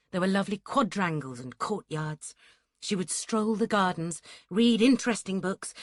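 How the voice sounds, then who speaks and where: Narrating a historical romance, this woman uses a lowish voice and an even, measured storytelling style, reading from a script for an audiobook. It's a dry recording of studio quality.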